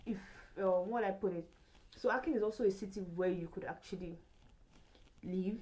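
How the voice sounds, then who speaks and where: A woman's voice: medium pitch, moderate pace, mellow, rough recording. A young adult woman vlogging in casual chat, rambling with many fillers and restarts.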